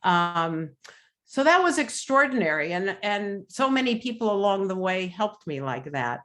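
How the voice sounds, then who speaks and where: A middle-aged woman speaking on a webinar video call, telling a personal family testimony in a measured, reflective way with pauses and fillers. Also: medium pitch, big pitch swings, a bit bright.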